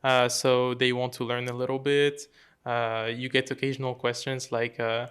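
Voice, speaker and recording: A young man from France with a French accent, a student guest answering in a measured, thoughtful way. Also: mid-range voice, level tone, a bit bright, clear, resonant tone. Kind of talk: casual interview.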